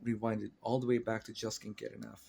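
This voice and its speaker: A man's voice: fairly low pitch, level tone, quick pace, gravelly, warm tone, husky. A man telling a personal story in a casual, rambling, earnest way, often restarting his sentences.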